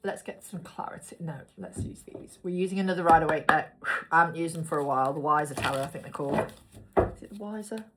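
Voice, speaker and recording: Woman, low voice, casual tarot reader, chatty and wandering. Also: quick pace, noisy background. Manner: chatty, rambling asides, talks to herself while picking cards. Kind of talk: casual tarot reading to viewers.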